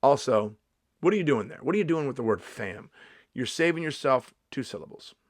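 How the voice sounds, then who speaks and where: A man in his fifties riffs through a comedy vlog monologue in a sarcastic, mock-indignant tone, swearing freely along the way. His voice sits at an ordinary middle pitch. The sound is dry and close, with no room echo. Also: lively intonation, brisk. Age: 50s.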